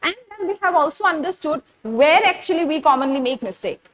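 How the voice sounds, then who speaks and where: A woman's voice: sits high, animated, fairly quick, fairly bright tone, low-quality recording. A woman teaching grammar step by step, often checking in with "okay?" and rhetorical questions. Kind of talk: online grammar lesson.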